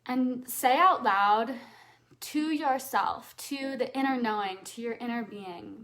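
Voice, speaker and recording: A woman with a slightly high voice gives a live coaching talk and takes her time over every phrase. She is earnest and repeats key lines for weight. When she guides the audience through affirmations, she sinks into a soft hush. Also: slow.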